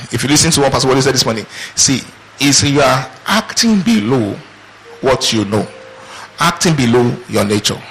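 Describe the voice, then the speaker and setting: A man's voice: medium pitch, fairly bright tone, slight background noise, poor audio. A man preaching a sermon, asking rhetorical questions and answering them in call-and-response. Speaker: pastor.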